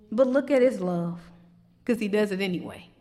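A woman preaching a sermon, swinging between loud, emphatic questions and quiet, low reflection. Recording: long hall reverb.

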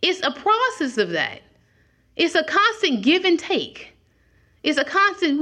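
A woman's voice: extremely high pitch, wildly swooping pitch, unhurried, long pauses, pushed and bright. A middle-aged woman preaching a conversational sermon, acting out little dialogues as she talks.

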